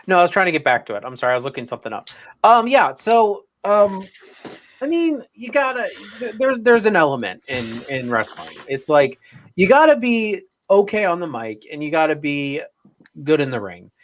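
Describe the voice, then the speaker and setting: A man co-hosting a casual review chat over a video call, halting and apologetic at first. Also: high-pitched, big pitch swings. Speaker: podcast co-host.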